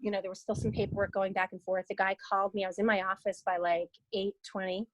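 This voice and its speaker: A woman of around fifty, a guest in an interview, telling a story in a casual, lively way and sometimes swearing. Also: mid-range voice, fast, no room sound, poor audio. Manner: lively storyteller, swears, quotes people in voices. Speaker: guest, founder and CEO of a broker-dealer.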